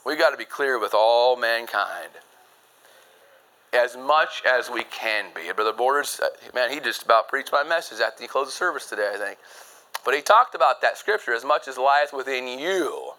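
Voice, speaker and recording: Emphatic man preaching, bright forceful voice. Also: expressive, rough recording. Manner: emphatic, swinging from loud high points to low quiet asides; reads scripture in fast King James phrasing. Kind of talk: sermon.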